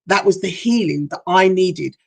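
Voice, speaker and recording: A woman's voice: fairly low pitch, normal speed, creaky. A middle-aged woman hypnotherapist telling a personal story in a heartfelt, emotional way on a livestream. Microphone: livestream setup.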